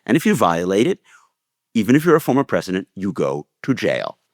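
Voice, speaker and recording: A man's voice: on the low side, sing-song, brisk, dry recording, clean studio sound. A man co-hosting a political podcast, arguing with passion and emphasis. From United States. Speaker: podcast co-host.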